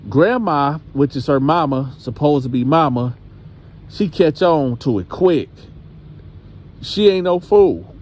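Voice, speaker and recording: A man casually telling a story, animated and conversational, speaking directly to his audience. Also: on the high side, slow. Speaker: storyteller host.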